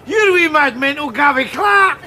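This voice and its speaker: An actor with a Glaswegian accent playing a loud, boozy, mocking middle-aged Glasgow man in a TV sitcom. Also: very high-pitched, animated, moderate pace, slight background noise, heavily acted. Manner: shouting, teasing. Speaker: lead character. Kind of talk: TV sitcom acting.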